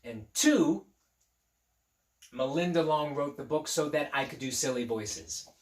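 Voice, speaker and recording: A man's voice: on the high side, measured pace, roomy sound. A man teacher chatting playfully with young children and reading a picture book aloud, recorded on a phone propped on a table. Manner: silly, upbeat and chatty. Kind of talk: playful read-aloud and chat to young kids.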